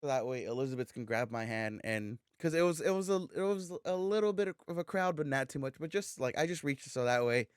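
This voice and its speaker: A man co-hosting a podcast, telling a story in a loose, animated way, swearing freely and acting out the dialogue. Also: mid-range voice, fast, hardly any pauses, smooth, dry recording, clean studio sound. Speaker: podcast co-host. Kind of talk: casual storytelling chat.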